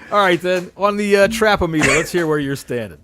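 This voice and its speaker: A man's voice: high-pitched, brisk, crowd noise. A man hosting a casual sports podcast, joking around and riffing on mock ad copy. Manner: animated, jokey, reads mock ad copy. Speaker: podcast host.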